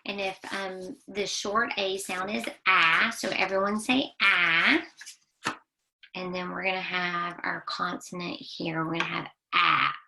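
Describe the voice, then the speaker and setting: A woman, a children's librarian, giving an online phonics lesson and drilling young kids in call-and-response, sounding out words and gently praising each try. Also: fairly low pitch, level tone, slow pace, gravelly, noisy background.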